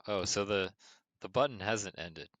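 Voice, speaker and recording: A man's voice: lowish voice, a little slow, a bit bright, no room sound. A man co-hosting a podcast in casual chat, answering with dry, skeptical teasing. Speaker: podcast co-host.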